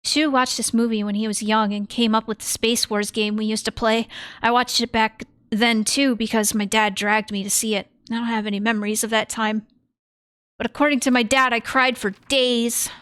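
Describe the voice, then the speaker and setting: An earnest anime schoolgirl reminiscing, as a woman puts on a cartoonish voice. Her higher, sing-song delivery stays bright and storybook-like. The sound is close and dry. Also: steady tone, moderate pace, clean tone, dry recording, lightly acted. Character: earnest anime schoolgirl recalling childhood games. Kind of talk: reading in-game diary in a put-on voice.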